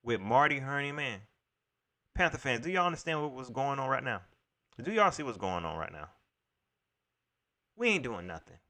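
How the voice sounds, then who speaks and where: A man hosts a casual solo livestream, venting like an exasperated sports fan and rambling to his chat. His medium-pitched voice sounds pushed and bright, and he speaks straight to viewers, repeating his points.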